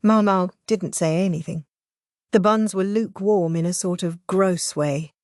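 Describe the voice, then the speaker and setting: A woman reading a novel aloud as audiobook narrator, in an even, measured way. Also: fairly low pitch, no room sound, studio quality. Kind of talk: scripted narration.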